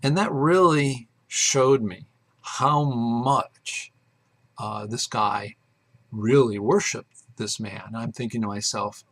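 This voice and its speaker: A man's voice: medium pitch, slow, fairly bright tone. A man hosting his own show, telling a personal story in a rambling, casual way with many fillers and restarts. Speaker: host.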